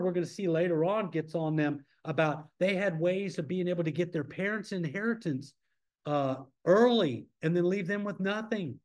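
A man leading a church Bible study in a relaxed, conversational way, asking the class questions as he teaches. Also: fairly high pitch. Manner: informal, asks the class questions.

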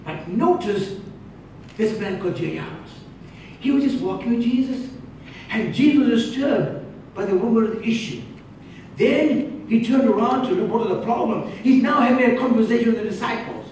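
A man preaching a sermon as pastor, emphatic and shouting at times, then dropping suddenly to quiet. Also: extremely high pitch, normal speed. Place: large church hall. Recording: echoey hall from far off, faint noise.

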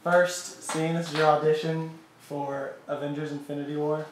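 A man's voice: on the high side, little pitch movement, moderate pace, background noise. A young man directing a friend through a joking mock audition with short cues. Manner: gives short stage directions. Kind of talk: casual directing. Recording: echoey room.

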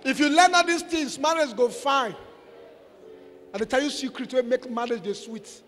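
A man with a Nigerian accent preaching a sermon, exhorting and playful, mixing in Pidgin and bursting into shouts. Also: very high-pitched, normal speed. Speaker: pastor. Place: church. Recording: echoey church hall.

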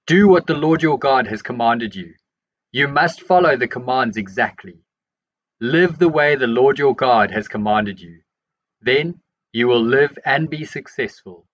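A man reads scripture aloud at an even, unhurried pace, in a middle-pitched voice. The recording sounds a little dull and muffled. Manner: measured, steady reading voice. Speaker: Bible reader. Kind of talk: scripture reading.

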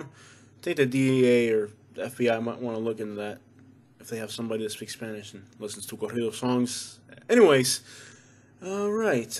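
A young man from Florida with a Southern accent, vlogging casually with a jokey, rambling, self-mocking manner. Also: mid-range voice. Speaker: YouTube vlogger. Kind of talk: casual joking vlog.

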